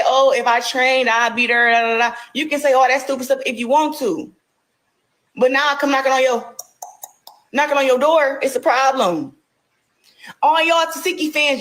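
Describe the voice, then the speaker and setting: A woman's voice: high voice, a bit bright, rough recording. A woman boxer ranting on a livestream, scolding and confrontational, repeating herself. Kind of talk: heated livestream rant.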